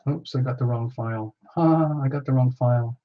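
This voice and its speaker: A man's voice: mid-range voice, moderate pace. A man hosting a live tarot reading stream, talking in an earnest, rambling way full of filler words. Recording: slightly dull lo-fi audio.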